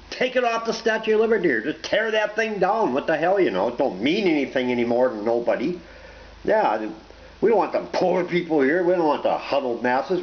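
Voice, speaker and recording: A man's voice: fairly high pitch, slight background noise. A man ranting casually to camera, blunt and profane, rambling from point to point. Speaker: vlogger. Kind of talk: casual opinion rant to camera. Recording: roomy, dull lo-fi home recording.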